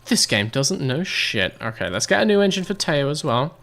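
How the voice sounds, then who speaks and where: A man's voice: fairly high pitch, very animated, normal speed, gravelly, a bit bright. A young British man casually commentating a racing manager game, chatting and answering chat in a rambling, swearing way. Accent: British English. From Britain.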